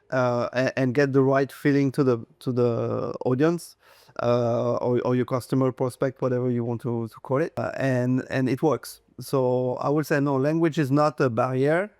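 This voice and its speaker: A man in his thirties with a French accent, a real estate agent chatting as an interview guest, hesitant with many fillers and quick to joke about himself. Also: medium pitch, a little mellow, dry recording, clean studio sound. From France. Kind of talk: casual interview chat.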